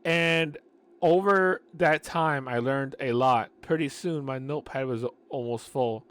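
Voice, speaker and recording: A man reads a book aloud in a casual, unpolished way, stopping often for sarcastic commentary. His voice is mid-pitched and ordinary. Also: measured pace, a bit bright. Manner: sarcastic asides, frequent restarts. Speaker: audiobook reader and commentator.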